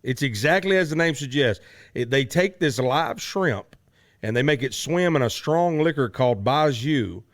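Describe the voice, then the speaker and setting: A man hosts a podcast in a laid-back, joking way, with a voice of middle pitch. The recording is close and dry, with no room sound. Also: animated, moderate pace, no echo. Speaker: podcast host. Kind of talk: casual podcast chat.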